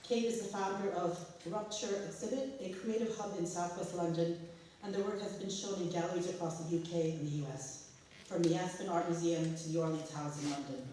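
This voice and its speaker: Woman emcee, lower voice, measured introduction, distant and echoey. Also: dark tone, a little hiss or hum. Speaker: host introducing speakers. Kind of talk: formal speaker introduction. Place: school hall. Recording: echoey school hall from afar.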